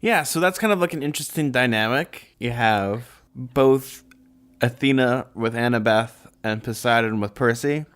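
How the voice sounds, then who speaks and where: Smooth-voiced man podcast co-host. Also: medium pitch, normal speed, a bit bright. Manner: easygoing, recaps the story plainly with small jokes. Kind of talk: casual book-discussion chat.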